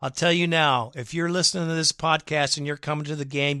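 A man hosting a sports fan podcast, giving an emphatic, rallying and sarcastic monologue that breaks into loud bursts. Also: a little high, fairly even intonation, brisk, dry recording, clean studio sound. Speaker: podcast host.

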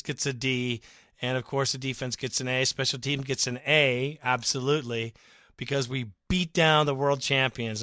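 A man hosting a sports fan podcast, chatting casually and reading listener comments with sarcastic, animated swings. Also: fairly high pitch, no room sound, studio quality. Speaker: podcast host.

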